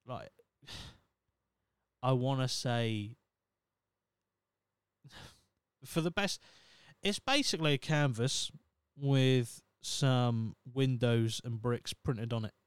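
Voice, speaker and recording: A man's voice: medium pitch, very slow, long pauses, smooth, dry recording. A young man hosting a podcast, reading out news stories with sarcastic, sweary comic asides. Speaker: podcast host. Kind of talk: casual comedic commentary.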